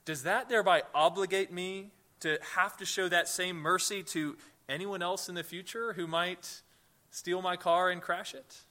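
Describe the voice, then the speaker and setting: A man's voice: high-pitched, fairly even intonation, normal speed, bright, forceful tone. A man preaching a sermon as pastor, in a conversational way, often repeating words as he starts sentences and asking the listeners rhetorical questions. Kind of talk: sermon teaching.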